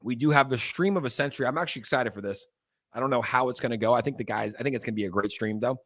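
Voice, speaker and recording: A young man hosting a crypto livestream, talking to viewers in a loose, animated, ranting way. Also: medium pitch, racing. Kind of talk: casual livestream talk.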